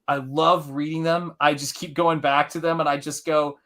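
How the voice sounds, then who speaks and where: A man's voice: on the high side, flat delivery, moderate pace, fairly bright tone. A middle-aged man hosting a live art stream, chatting casually and enthusiastically with his viewers while he paints. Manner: enthusiastic, rambling, talks to the chat.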